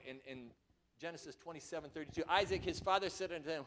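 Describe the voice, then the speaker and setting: A man preaching a sermon, acting out scripture voices and swinging from quiet asides to loud, dramatic passages. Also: a little high, fast, slight background noise.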